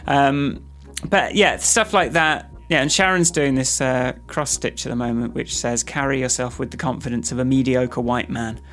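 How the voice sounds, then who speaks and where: A man's voice: medium pitch, steady tone, moderate pace, few pauses, a bit bright. A man co-hosting a podcast in casual, rambling chat, with many restarts and fillers. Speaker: podcast co-host. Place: office building with workers nearby.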